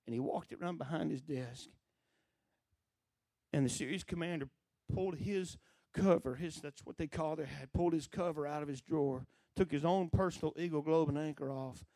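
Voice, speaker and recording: A middle-aged man preaching, telling a story with lively acted-out voices. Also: on the high side, moderate pace, no room sound. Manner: animated storyteller who acts out quoted voices. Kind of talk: sermon storytelling.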